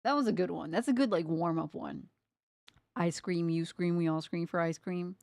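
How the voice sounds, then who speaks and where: A woman's voice: fairly low pitch, normal speed, gravelly, a little mellow, no echo. A young woman chatting casually while she draws, playfully reciting tongue twisters and laughing at her slips. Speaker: art streamer. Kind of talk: casual chat while drawing.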